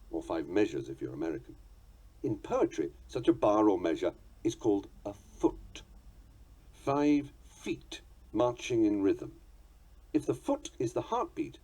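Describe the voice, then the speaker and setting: A man reading a book on poetry aloud in a measured, articulate and playfully precise manner. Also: mid-range voice, warm tone, husky. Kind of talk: audiobook narration.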